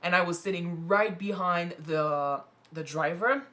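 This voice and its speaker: Woman with a fading voice, low-pitched. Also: measured pace, sharp tone. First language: not English. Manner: rambling and earnest, with many "you know" fillers and restarts. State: losing her voice. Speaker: reaction video co-host. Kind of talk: casual chat.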